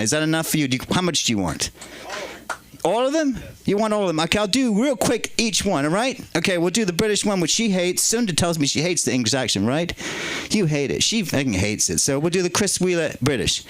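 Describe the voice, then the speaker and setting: Male stand-up comic, highish voice, crude and chatty with the crowd, dry sound. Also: fairly bright tone, dry recording, rough recording. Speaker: stand-up comedian. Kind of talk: stand-up comedy. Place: comedy club stage.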